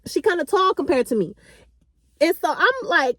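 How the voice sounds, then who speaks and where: A woman in her late twenties, a vlogger, telling a story in a chatty, animated, slangy way. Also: very high voice, normal speed, no room sound, soft background music. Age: late 20s. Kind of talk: casual storytime.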